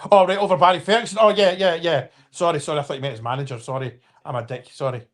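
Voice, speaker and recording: A man's voice: fairly high pitch, fairly even intonation, fast. A man in his fifties hosting a casual live-stream football chat, rambling with restarts and apologies and talking to viewers by name. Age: 50s.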